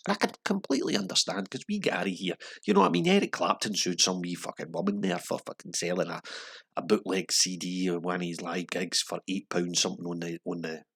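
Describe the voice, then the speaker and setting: A man's voice: deep voice, fairly bright tone, slightly rough. A Scottish man hosting a casual pub quiz, rambling and swearing through wry asides between questions.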